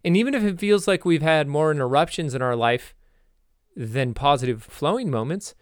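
Smooth-voiced man rambling through a podcast. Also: on the high side, dry recording, studio quality. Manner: rambling, self-correcting, jokey asides. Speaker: podcast host. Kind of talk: motivational podcast monologue.

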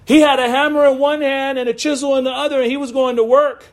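A man's voice: very high voice, little pitch movement, quick pace. A man preaching a sermon in a loose, conversational way, with asides and laughs, over a video call. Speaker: pastor.

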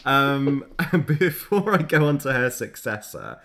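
A man's voice: medium pitch, expressive, slow, creaky, fairly bright tone, slight background noise. A man co-hosting a podcast, casually explaining history in a chatty storytelling way. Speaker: podcast co-host.

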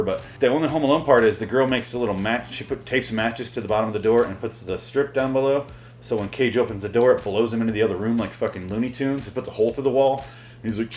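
A man's voice: mid-range voice, roomy sound, a little hiss or hum. A man recapping a movie in a casual, comic way, sarcastic and profane, sometimes acting out the characters. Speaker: movie reviewer. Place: hot room at home with the air conditioning off.

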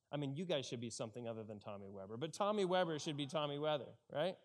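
A man preaching a conversational sermon and acting out the characters' lines as he retells the story. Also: fairly high pitch. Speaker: pastor.

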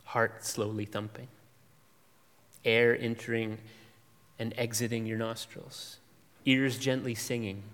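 A man preaches with a measured, emphatic delivery, stacking up lists and letting pauses hang. His voice sits at an ordinary middle pitch for a man. It rings out with a long reverb, as if in a large sanctuary. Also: little pitch movement, fairly bright tone. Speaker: pastor. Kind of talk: expository sermon.

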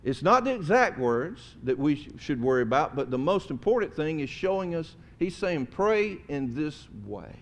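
A man, a pastor giving a conversational, folksy sermon to his congregation in a church, often dropping to soft, tender tones. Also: a little high, expressive, normal speed, few pauses. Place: church sanctuary.

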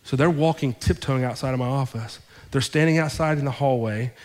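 A male pastor telling a story in a sermon, acting out both sides of the conversations with lively shifts in his voice. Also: mid-range voice, fairly quick. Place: church sanctuary. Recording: long hall reverb.

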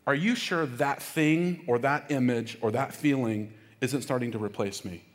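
A middle-aged male pastor preaching a sermon, stressing key phrases and calling on the congregation to repeat lines after him. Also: fairly high pitch. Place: church sanctuary. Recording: long hall reverb.

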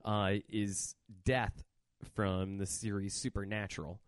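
A man hosting a casual horror movie podcast, talking in a profane, animated rant. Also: fairly low pitch, unhurried, no echo, studio quality. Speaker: podcast host.

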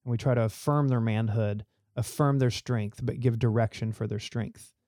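A man's voice: mid-range voice, steady tone, normal speed, warm tone, no echo, clean studio sound. A man talking earnestly as a church youth leader in an interview, telling stories to make his points. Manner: earnest, storytelling. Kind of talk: podcast interview.

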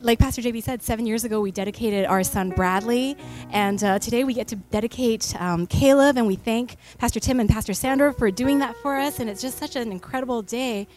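Woman pastor in her 30s, fairly high voice, chatty sermon on a church mic. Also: brisk, darkish tone, soft background music. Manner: chatty storytelling with many fillers. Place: church stage. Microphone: stage microphone.

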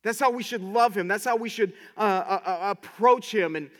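Passionate male preacher, high voice, echoing hall. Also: moderate pace. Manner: excited, passionate, many restarts. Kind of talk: sermon.

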